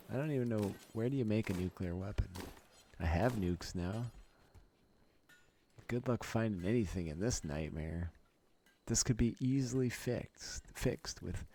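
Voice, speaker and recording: A man's voice: fairly low pitch, dark tone. A man from Wisconsin giving casual gameplay commentary, thinking aloud and chuckling often. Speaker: let's play gamer.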